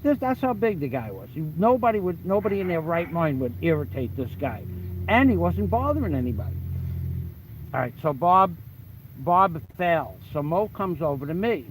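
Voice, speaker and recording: A man recounts an old tale in casual, profane storytelling. His voice sits a bit higher than most men's. He talks bluntly and animatedly, swears freely, and often trips over the start of a sentence. A faint hum of background noise sits behind him. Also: very animated, moderate pace, poor audio. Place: the Philippines.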